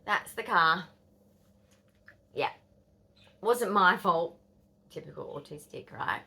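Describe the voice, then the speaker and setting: A woman's voice: on the low side, lively intonation, slow pace, gravelly, pauses often, bright, forceful tone. An Australian woman in her fifties telling a rambling, blunt story to camera, swearing and dropping into whispers. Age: 50s. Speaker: vlogger.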